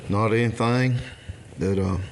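A man, leading an evening service and slowly reading scripture aloud with long pauses. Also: lowish voice, steady tone, slight background noise. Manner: slow, deliberate reading with long pauses, throat clearing. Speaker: preacher.

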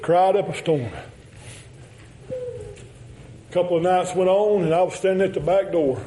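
A man's voice: high voice, sing-song, unhurried, mellow, a little hiss or hum, rough recording. A man preaching a folksy sermon, telling stories and chuckling often.

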